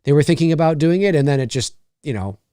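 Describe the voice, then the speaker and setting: Animated, foul-mouthed man riffing on a movie. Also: clean tone, no room sound, studio quality. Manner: animated, swears freely, quick pitch jumps. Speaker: movie commentary host. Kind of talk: live movie commentary to chat.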